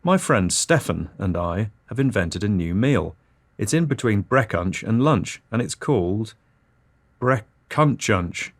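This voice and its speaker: Deadpan comedy podcaster. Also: male voice, fairly low pitch, a little slow. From Britain. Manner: dry, matter-of-fact delivery of nonsense. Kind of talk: absurdist scripted comedy monologue.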